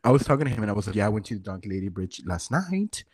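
A man's voice: on the low side, racing, breathy edge, dry recording. Tipsy, giggly man telling stories. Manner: animated storyteller, frequent "like" and swearing, giggly. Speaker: podcast co-host. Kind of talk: casual chat.

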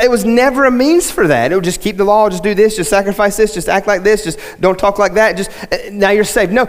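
A male pastor giving a sermon, talking conversationally to the congregation and building to emphatic points. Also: sits high. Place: church sanctuary. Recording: long hall reverb.

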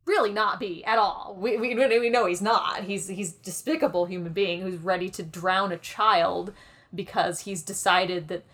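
A woman co-hosting a podcast in casual chat, enthusiastic and quick to restart her sentences. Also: mid-range voice, fairly even intonation, fairly bright tone. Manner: enthusiastic, frequent restarts and stammered repeats. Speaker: podcast co-host.

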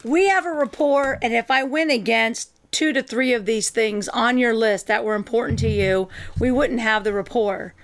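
A woman's voice: on the high side, normal speed, hardly any pauses. A woman co-hosting a podcast, talking casually and acting out little quoted exchanges, often restarting her sentences. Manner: chatty, acts out quoted dialogue, frequent restarts. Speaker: podcast co-host.

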